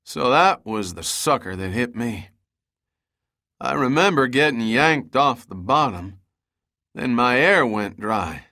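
A man's voice: medium pitch, animated, takes it slowly, sharp tone, exaggerated voice. A man voicing a dazed, injured diver from Texas, with slurred and groggy speech, in a storybook reading.

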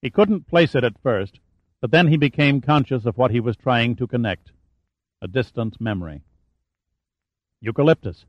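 A man giving steady, measured scripted narration of a thriller audiobook. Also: medium pitch, no echo. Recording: dull, dry audiobook recording.

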